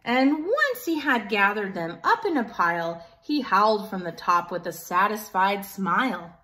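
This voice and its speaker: A woman teacher reading a picture book aloud to children in an animated way, pausing to ask them questions. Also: medium pitch. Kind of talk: children's story time.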